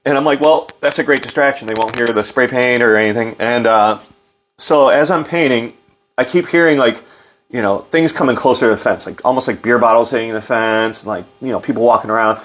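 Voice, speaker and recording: A middle-aged man with an animated storytelling manner, loose and full of fillers, acting out quotes in a livelier voice. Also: medium pitch, brisk. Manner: loose, filler-heavy delivery. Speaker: interview guest. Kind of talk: casual storytelling.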